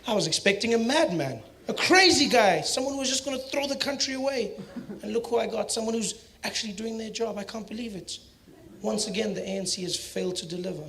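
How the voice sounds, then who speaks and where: A high-voiced man plays it mock-serious in a stand-up set, building up to shouts. The noise of the live crowd comes through clearly behind him. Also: fast. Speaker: stand-up comedian. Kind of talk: stand-up comedy. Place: comedy club stage. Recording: live stage with audience noise.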